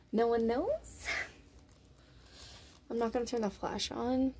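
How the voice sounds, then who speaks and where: Woman pet vlogger, high, slow delivery, giggly coaxing chat, phone mic indoors. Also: a little mellow, a little hiss or hum. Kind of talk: casual vlog talking to pet rats. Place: indoors at a rat cage. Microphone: phone held up while filming.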